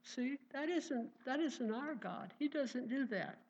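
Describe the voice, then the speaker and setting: A woman preaches a sermon in a fervent, heartfelt voice that sits a little high, often breaking into exclamations of praise. The recording is dull and lo-fi. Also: lively intonation, slow, a little mellow, slightly rough.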